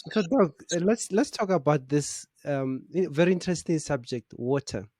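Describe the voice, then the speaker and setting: A South African man hosting a talk show, introducing the topic and guest in a relaxed, playful way. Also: on the high side, moderate pace, dry recording, clean studio sound. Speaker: show host.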